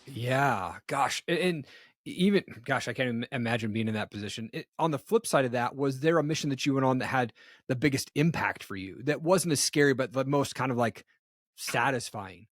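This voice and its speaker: A man's voice: mid-range voice, lively intonation, moderate pace, no echo. Dry-sounding man hosting an interview. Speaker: podcast host. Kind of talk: interview questions and backchannel.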